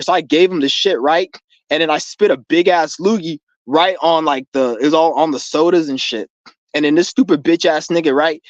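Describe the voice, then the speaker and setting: A man's voice: on the high side, moderate pace, no echo, highs cut off. A young man hosting a livestream Q&A outdoors in the rain, rambling in loose, profane street talk full of restarts. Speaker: streamer hosting a Q&A.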